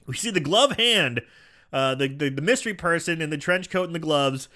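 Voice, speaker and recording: Brief: lively, bright-voiced man, profane casual movie recap, jumps into silly voices. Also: fairly high pitch, fairly quick. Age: young adult or middle-aged, a parent. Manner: animated, profane, acts out quoted lines in exaggerated voices. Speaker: podcast co-host recapping a movie. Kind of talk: casual chat.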